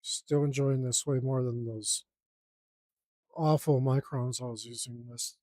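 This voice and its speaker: A man's voice: mid-range voice, steady tone, a little slow, dark tone, dry recording, clean studio sound. A young man inking a drawing, casually muttering and criticizing his own lines as he works. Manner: self-critical, mutters to himself while drawing. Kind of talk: casual work-along commentary.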